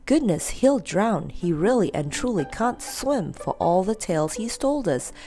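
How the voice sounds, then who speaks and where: A woman's voice: mid-range voice, very animated, unhurried, warm tone, faint music behind. A woman voicing a fat old male teddy bear with a dry, teasing way of talking. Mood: wry.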